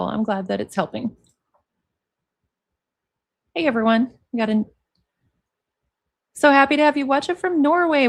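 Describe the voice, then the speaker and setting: During a live reaction stream, a woman in her forties with a slightly high voice speaks to her viewers directly. She's a commentary streamer, sarcastic and exasperated, often breaking into laughter.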